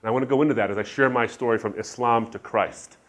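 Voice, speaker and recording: A middle-aged man giving a sermon-style lecture with anecdotes, emphatic and shifting from loud stresses to quiet asides. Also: mid-range voice, fairly even intonation, quick pace. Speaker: Christian speaker.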